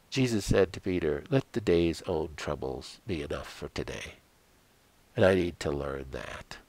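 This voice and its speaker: An older man giving an earnest devotional sermon, telling stories dramatically and sinking into quiet prayer. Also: medium pitch, vocal fry, dry recording. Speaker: Christian health coach.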